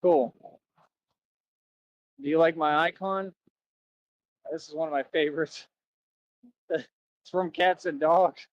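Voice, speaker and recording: On a muffled recording with no room sound, a man with a higher-leaning, fairly even voice speaks unhurriedly and pauses often. Livestreaming outdoors near a road, he rambles, repeats himself, keeps saying "that's right" and asks viewers to donate.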